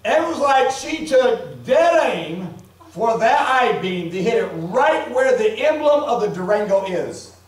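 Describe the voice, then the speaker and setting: A man in his forties preaches a revival sermon in a church, his voice high for a man. He tells his stories with animation and keeps calling out to the congregation. He is picked up from a distance, with heavy echo in the room. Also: a little slow. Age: 40s. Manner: storytelling, animated, calls out to the congregation. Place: church sanctuary. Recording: echoey church hall from far off.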